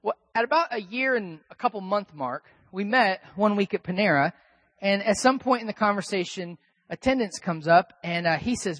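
A male pastor delivering a sermon in a loose, conversational way. He drops to quiet asides, then rises to loud, emphatic bursts. The sound is dry and close, with no room echo. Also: sits high, expressive, normal speed.

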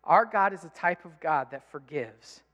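A pastor preaching a sermon with emphatic delivery that builds to loud intensity, in a church sanctuary. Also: male voice, fairly high pitch, expressive, moderate pace, highs cut off. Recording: long reverb in a large hall.

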